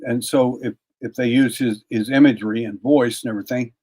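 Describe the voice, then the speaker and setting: An older man, a guest on an interview, telling a long personal story in a folksy, casual way, often repeating words and clearing his throat. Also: mid-range voice, steady tone, fairly quick, a little mellow. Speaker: interview guest, paranormal investigator.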